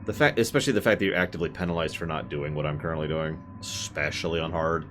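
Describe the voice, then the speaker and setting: Deep-voiced chatty man streaming a game. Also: fast talker, fairly bright tone, slight background noise. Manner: chatty, wanders into side tangents. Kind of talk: casual gameplay commentary.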